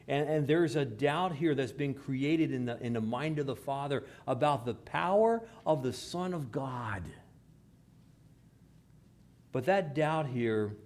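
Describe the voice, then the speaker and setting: A man preaching a sermon, moving between hushed, slow passages and raised, emphatic ones. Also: mid-range voice. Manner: dramatic shifts between hushed and raised delivery. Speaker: pastor.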